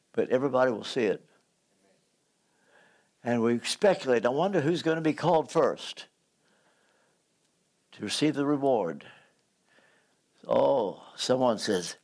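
An older man preaching a sermon, telling stories, acting out voices and joking when he loses his place. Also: medium pitch. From United States.

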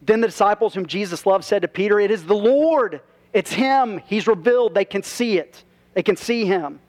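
High-voiced man preaching a sermon. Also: animated, normal speed, darkish tone. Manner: conversational preaching with rhetorical questions and asides. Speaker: pastor. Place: church.

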